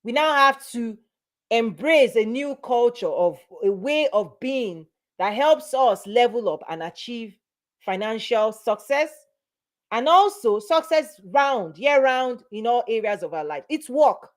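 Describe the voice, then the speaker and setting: Speaking to camera with emphasis, a middle-aged woman who coaches business and mindset delivers a motivational talk and repeats phrases for effect. Her fairly high voice is animated, at a measured pace.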